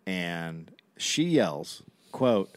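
A man's voice: sits low, extremely slow, smooth, no echo. Man telling a story on a dry mic. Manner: relaxed, recounting history. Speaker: podcast co-host. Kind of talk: casual comedic storytelling.

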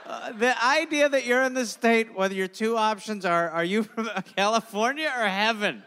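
A man's voice: high-pitched, sharp tone, clean tone. A man co-hosting a comedy podcast, riffing with jokes and improvised bits. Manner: jokey, quick improvised bits and laughter. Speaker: podcast co-host.

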